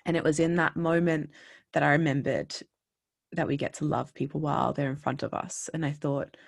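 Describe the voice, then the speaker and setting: Casual anecdote teller, rambling with fillers, creaky low edges, dead-dry sound. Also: steady tone, a little fast, no room sound. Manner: chatty, with many fillers and restarts. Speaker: storyteller. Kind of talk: personal anecdote told casually.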